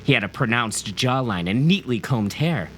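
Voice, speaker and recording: Guy reading a twisted story out loud, super animated and bright, hams it up. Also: medium pitch, moderate pace, slight background noise. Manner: theatrical, swings into shouting for quoted rage. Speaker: narrator. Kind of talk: dramatic first-person story reading.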